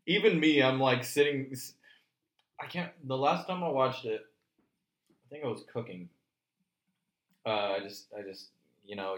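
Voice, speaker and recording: A man co-hosting a casual podcast chat, joking and laughing through lively banter. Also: lowish voice, echoey room. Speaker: podcast co-host.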